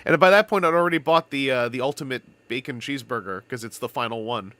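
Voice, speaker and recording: A man's voice: mid-range voice, fast, fairly bright tone, no echo. A man from Canada chatting casually on a live stream, telling rambling stories with playful wordplay.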